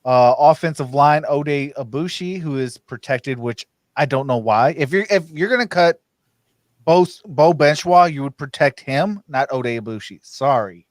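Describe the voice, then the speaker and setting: Brief: man, sports podcast host, higher voice, dry close mic, restless casual chat with restarts. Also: expressive, measured pace, no echo. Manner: stammers and restarts, laughs often.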